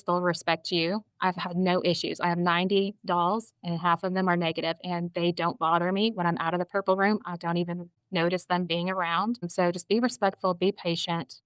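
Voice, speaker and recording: A woman's voice: fairly low pitch, smooth, no echo. A woman guest, a doll collector, chatting casually, gushing and earnest as she talks. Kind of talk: casual chat.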